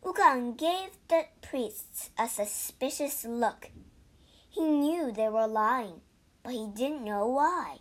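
A woman reading a storybook aloud slowly and clearly for English learners. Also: on the high side, expressive. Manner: slow, clear, deliberate.

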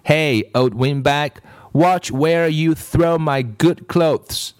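A man's voice: on the high side, soft background music, voice pushed up. Storybook: a nasty, insulting little creature who drags out his jabs, done by a male reader. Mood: sneering. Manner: slow, sneering, insulting drawl. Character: rude, smelly little creature hidden in raincoats.

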